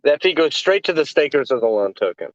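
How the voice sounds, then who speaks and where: A man guest explaining a lending protocol in a brisk, matter-of-fact way. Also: a little high, very animated, no echo, muffled recording. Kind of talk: explanatory interview answer.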